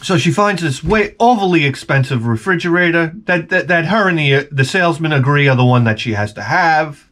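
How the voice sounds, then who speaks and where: A man's voice: a little high, expressive, brisk, hardly any pauses, fairly bright tone. A man telling a profane, exasperated story in casual vlog style. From Long Island, New York. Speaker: vlogger.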